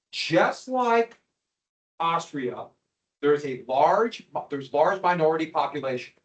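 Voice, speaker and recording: A man's voice: high voice, low-quality recording. A man teaching a history class over maps and slides, chatty, with asides and rhetorical questions to his students.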